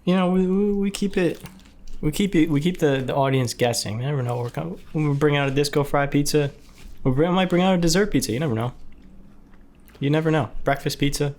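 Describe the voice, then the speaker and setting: A man's voice: fairly high pitch, a little fast, a little mellow. Young guy, laid-back podcast chat, laughs a lot, sometimes talks w his mouth full. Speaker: podcast co-host. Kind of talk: casual chat.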